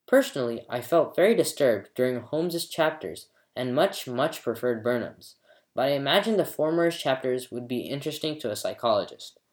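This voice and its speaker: Expressive folktale narrator, animated, recorded in an echoey room. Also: mid-range voice, moderate pace. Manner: expressive, dramatic reading. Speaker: book reviewer and storyteller. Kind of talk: scripted narration of a review and a folktale.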